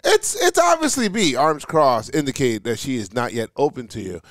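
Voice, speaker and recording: A man's voice: mid-range voice, sing-song, normal speed, a bit bright, dry recording. A man co-hosting a reaction show, playful and teasing in casual commentary. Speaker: show co-host.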